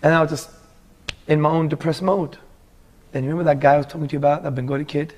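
A man from England telling the story of his conversion in a casual interview, earnest and animated, often calling the listener "bro". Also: on the high side, fast talker.

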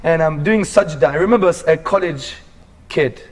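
A man's voice: fairly high pitch, normal speed. Earnest man telling a heartfelt story. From England. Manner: animated, earnest, calls the listener "bro". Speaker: guest telling his conversion story. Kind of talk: casual interview storytelling.

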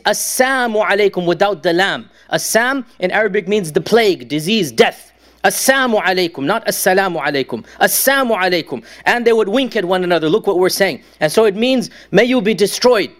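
Guy w a high voice giving a fired-up sermon, lots of dramatic pauses. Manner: impassioned storytelling, dramatic pauses. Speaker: preacher.

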